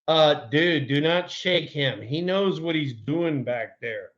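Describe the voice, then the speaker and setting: A man's voice: fairly high pitch, lively intonation, slow pace, hardly any pauses, muffled recording. Heated profane man telling a story. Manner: heated, profane, acts out his own shouting. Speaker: podcast co-host, former baseball player. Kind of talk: casual sports storytelling.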